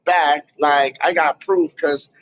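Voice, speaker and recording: A man ranting casually to camera in a vlog, full of slang and loud asides. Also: a little high, steady tone, slow pace, muffled recording. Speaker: YouTuber. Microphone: camera mic.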